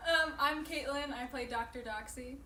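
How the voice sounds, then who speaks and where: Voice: high voice, normal speed, pushed and bright. A podcast player and sound designer introducing herself casually with a laugh. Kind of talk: casual chat. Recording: roomy, far from the mic.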